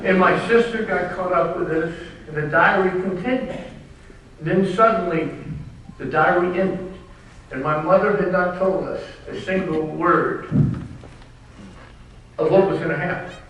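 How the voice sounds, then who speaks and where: An older man with a Southern US accent tells stories with emphasis and dry humor, his voice set high for a man. He sounds far from the mic in a very echoey room. A faint hum of the room sits behind him. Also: a little slow, pauses often, a bit bright. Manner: emphatic, wry storyteller. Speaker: author giving a talk. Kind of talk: storytelling talk to an audience. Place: large room at a bookstore event.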